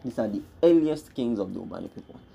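A man's voice: fairly low pitch, expressive, gravelly, dark tone, breathy edge. Man repeating names emphatically. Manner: emphatic, repeats each name slowly several times. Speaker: history channel host. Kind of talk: explaining pictured lists of names.

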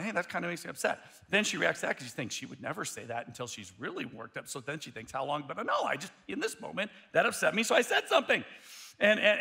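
A male pastor preaching a sermon, telling a story in an animated way, often restarting his sentences. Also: high-pitched, vocal fry.

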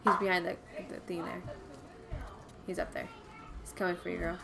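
A woman's voice: on the low side, level tone, moderate pace, creaky. A woman hosting a casual gaming livestream, chatty and upbeat, greeting viewers by name. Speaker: livestream host. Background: game music.

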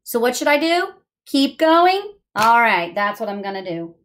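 A middle-aged woman teacher gives young children a remote reading lesson, thinking aloud in an expressive, sing-song manner. Her voice is a little high and unhurried.

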